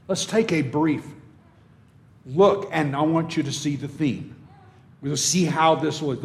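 A man delivers a sermon at an unhurried, deliberate pace. His voice sits a little high for a man. He climbs to forceful, emphatic peaks, then falls back to quiet, conversational asides while working through scripture. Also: slightly rough. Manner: emphatic, swings between rising intensity and quiet asides. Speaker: preacher.

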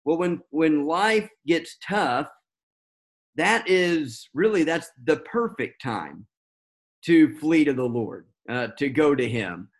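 A man's voice: a little high, lively intonation, slow pace. A man preaching a sermon, talking unscripted with many fillers and restarts.

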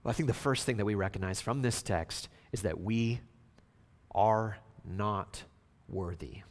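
A man preaching a sermon, swinging between hushed, slow passages and loud, emphatic outbursts. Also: fairly low pitch, big-room sound. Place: church sanctuary.

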